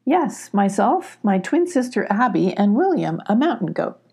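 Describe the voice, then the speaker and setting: A woman's voice: mid-range voice, sing-song, unhurried, warm tone, slightly rough, exaggerated voice. A woman voicing a friendly, chatty young girl in a storybook reading, talking lightly with a hint of giggle.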